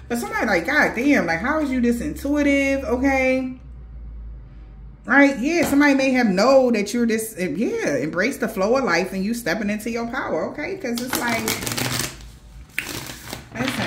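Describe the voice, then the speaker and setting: A woman's voice: fairly high pitch, a little hiss or hum. A woman intuitive reader telling a dream story in a casual, profane way, with laughing asides. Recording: roomy echo.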